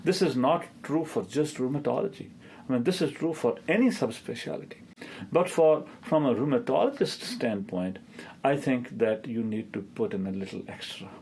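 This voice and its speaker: A man's voice: mid-range voice, moderate pace, darkish tone, breathy edge. A man in his fifties, a rheumatologist, answering interview questions and telling stories with a hesitant delivery full of filler sounds.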